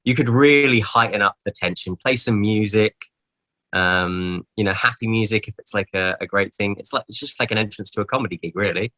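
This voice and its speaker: A man's voice: lowish voice, brisk, sharp tone, no room sound. A man chatting casually on a podcast, playful and theatrical. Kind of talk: casual chat.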